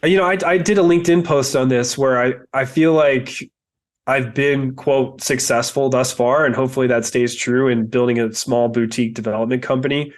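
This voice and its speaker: A man's voice: mid-range voice, steady tone, moderate pace. A man who invests in real estate, speaking as a podcast guest in an earnest, reflective way with many fillers. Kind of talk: interview podcast.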